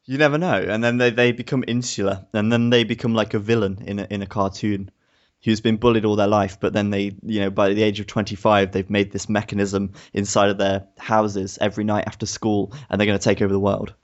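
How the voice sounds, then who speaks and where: A man's voice: fairly low pitch, little pitch movement, fairly quick. A young man from England co-hosting a podcast, chatting in a reflective, easygoing way and laughing often. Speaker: podcast co-host. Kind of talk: casual chat. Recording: muffled lo-fi audio.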